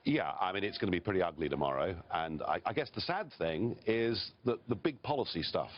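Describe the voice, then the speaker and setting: A man's voice: low-pitched, expressive, brisk, dull audio. A man from Britain, a political guest on a live TV interview, talking bluntly and emphatically with chuckles between points.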